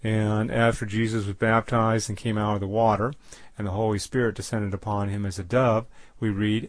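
A man giving a Bible teaching, halting often with fillers and restarts. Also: lowish voice, steady tone, no room sound. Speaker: preacher.

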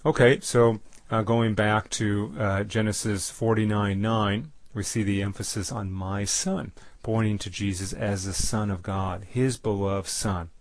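Guy teaching a bible passage, kinda low voice, lots of uhs and restarts, dry room. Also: steady tone, no room sound. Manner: halting, with many fillers and restarts. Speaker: preacher.

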